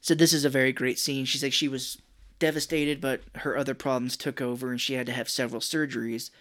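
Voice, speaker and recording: A man's voice: medium pitch, little pitch movement, fairly quick, fairly bright tone. Casual man chatting about a movie. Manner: loose and profane, quotes others in funny voices. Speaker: podcast co-host. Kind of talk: casual chat.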